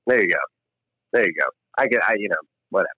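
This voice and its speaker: A man's voice: on the low side, quick pace, pushed and bright, no room sound, dull audio. A laid-back man co-hosting a podcast, chatting crudely about a movie. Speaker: podcast co-host. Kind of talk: casual movie-review chat.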